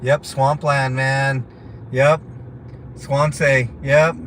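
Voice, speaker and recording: A man's voice: medium pitch, level tone, drawn-out words, a bit bright. Laid-back man rambling from a noisy car. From Denver, Colorado. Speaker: livestream host. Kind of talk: casual chat while driving.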